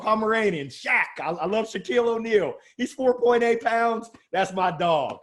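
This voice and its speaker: A man speaking as an interview guest about sales, lively and joking, with strong emphasis. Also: high voice, normal speed. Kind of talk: energetic motivational interview talk.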